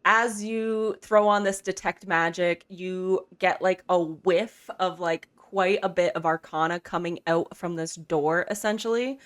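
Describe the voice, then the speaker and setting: A woman's voice: lowish voice, steady tone, measured pace, hardly any pauses. A woman running a tabletop game, narrating scenes in a casual, chatty way. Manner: casual, chatty, laughs easily. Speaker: game master.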